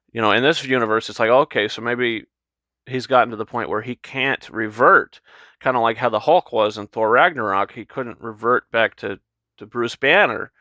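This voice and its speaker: A man talking through a movie he loved, full of ums, restarts and eager asides. His voice is bright and forward, sitting at an average pitch. The sound is dry and close, with no room around it. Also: dry recording. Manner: enthusiastic, rambling with fillers and restarts. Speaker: movie reviewer. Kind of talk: casual spoken film review.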